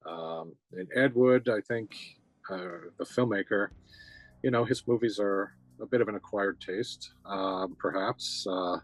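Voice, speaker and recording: Low-voiced, measured male co-host. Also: no echo. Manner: brief agreeing replies, measured and hesitant when talking at length. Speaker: podcast co-host. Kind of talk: casual film chat.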